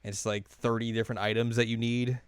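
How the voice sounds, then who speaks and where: A man's voice: medium pitch, little pitch movement, fairly quick, clean tone, dry recording. Young male podcast co-host, casual rambling recap, clean resonant tone, dead-dry room. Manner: rambling, many fillers, laughs while retelling scenes.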